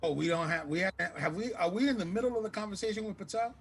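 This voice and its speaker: A man playing his character in a tabletop game, measured and questioning. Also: high voice, crowd noise. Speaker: player. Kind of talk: in-character tabletop role-play.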